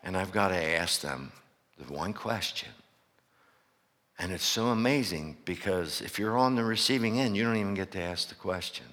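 A man preaching a sermon to his church. He swings from loud, impassioned outbursts to hushed asides and keeps asking the congregation rhetorical questions. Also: deep voice, normal speed. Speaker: pastor. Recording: long reverb of a large hall.

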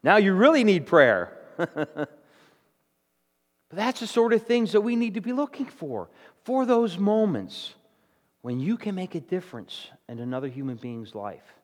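A pastor preaches a sermon to his congregation in a church hall, talking conversationally and often checking in with "okay?" and "all right?" His high voice swings widely in pitch at a measured pace, with long pauses and a dark tone. A long reverb tail trails his words.

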